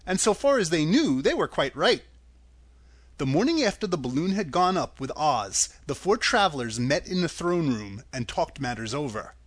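A man reading a children's classic aloud as an expressive audiobook narrator. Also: fairly high pitch, moderate pace, husky, no room sound. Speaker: audiobook reader.

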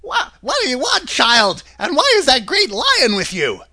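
A man's voice: very high-pitched, wildly swooping pitch, unhurried, sharp tone, pitched above the performer's own voice, heavily acted. Man putting on a wary old farm woman. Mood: startled.

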